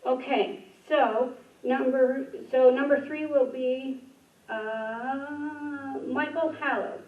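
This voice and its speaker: A woman's voice: high-pitched, steady tone, takes it slowly. A woman hosting an open mic in a library community room, joking and laughing at herself as she calls up readers. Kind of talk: casual event hosting. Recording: roomy, distant, dull room sound.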